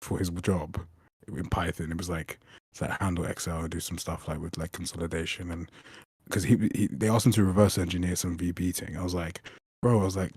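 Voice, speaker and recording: A man's voice: low voice, fairly quick, slightly rough, no echo, clean studio sound. A young man, a game developer chatting casually on a stream, rambling and swearing as he tells stories. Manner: rambling, swearing, animated retelling. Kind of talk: casual chat.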